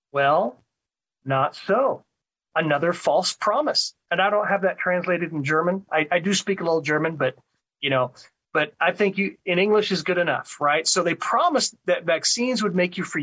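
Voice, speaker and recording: A man's voice: high-pitched, lively intonation, normal speed, fairly bright tone, low-quality recording. A man hosting a talk show, delivering a casual commentary monologue, often repeating words and asking "right?". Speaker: radio talk show host.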